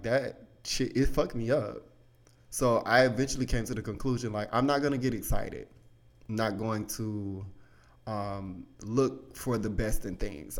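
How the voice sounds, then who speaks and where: A man hosting a podcast, telling a personal story in a candid, rambling way full of "like" and "you know", with casual swearing. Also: on the low side. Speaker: podcast host.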